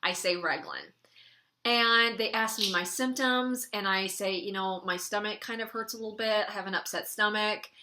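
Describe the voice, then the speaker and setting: A woman's voice: mid-range voice, moderate pace, noisy background. A young adult woman vlogger telling a personal story in a casual, chatty way, filling her sentences with "like". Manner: chatty, frequent "like", wry laughs between lines. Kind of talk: casual story-time monologue.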